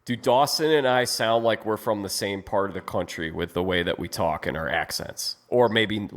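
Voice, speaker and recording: A man's voice: fairly low pitch, moderate pace. A man hosting a casual video chat, playful and joking with his guests. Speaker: host.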